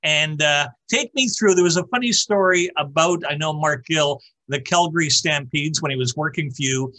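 A man hosting a casual interview, asking halting questions. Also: a little high, pushed and bright. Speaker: host.

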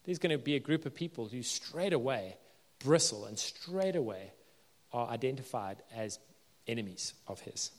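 A male pastor giving an earnest sermon, building to emphatic peaks and dropping low and slow for weight. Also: animated, in a large hall.

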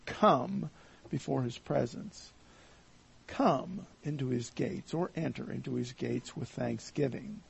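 A man teaching a verse-by-verse Bible lesson, speaking slowly and deliberately with many pauses and fillers. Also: mid-range voice, gravelly, darkish tone, husky.

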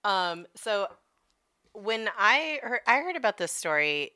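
A woman's voice: medium pitch, big pitch swings, slow pace, sharp tone, no room sound, studio quality. A woman in her forties co-hosting a casual chat, rambling and swearing as she tells a story with laughs. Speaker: podcast co-host.

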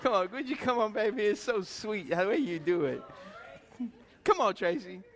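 A middle-aged male pastor preaches with a fairly high voice that swings up and down with energy. He talks in a folksy, chatty way, tossing asides to the congregation. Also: animated, normal speed, fairly bright tone, in a large hall. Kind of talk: sermon.

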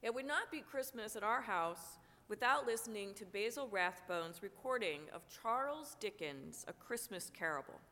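A woman pastor with a cold preaching a sermon, slow and earnest with touches of humor. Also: mid-range voice, pushed and bright. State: has a cold, coughing. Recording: long reverb of a large room.

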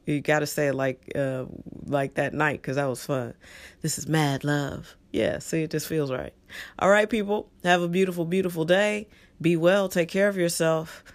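A man's voice: a little high, steady tone, moderate pace. A middle-aged man hosting his own podcast, talking casually and with opinions, using lots of fillers and asides. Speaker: podcast host. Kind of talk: casual solo podcast talk.

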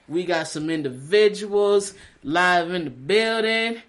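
Animated male podcast host in a studio. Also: a little slow, hardly any pauses. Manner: animated, jumps between loud bursts and low asides. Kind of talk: casual chat. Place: recording studio. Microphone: studio microphone.

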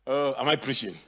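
A male pastor preaching a sermon, swinging from quiet asides to shouted, high-pitched exclamations. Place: church. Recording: church hall reverb.

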